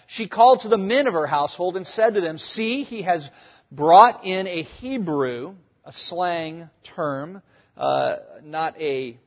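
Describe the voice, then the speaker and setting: A man preaching a sermon, swinging from hushed, quiet passages to loud, emphatic ones. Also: high-pitched, big-room sound, lo-fi sound. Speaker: pastor.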